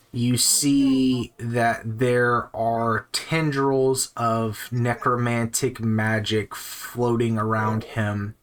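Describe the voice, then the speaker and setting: A man running a tabletop game as game master, narrating scenes in slow, descriptive, pausing speech. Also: medium pitch. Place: home streaming setup.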